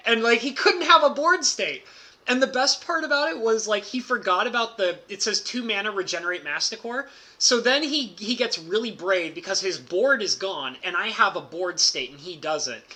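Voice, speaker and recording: A man streamer telling a casual, excitable story about a card game, packed with "like" fillers and bursts of laughter. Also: high voice, moderate pace.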